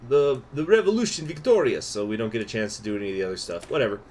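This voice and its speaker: A man with a lowish voice streaming a strategy game, chatting loosely with his viewers and filling pauses with little "uh"s. A faint hum sits under his voice. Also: lively intonation, a little mellow. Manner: chatty, answers chat, many fillers. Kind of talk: casual live-stream gameplay commentary.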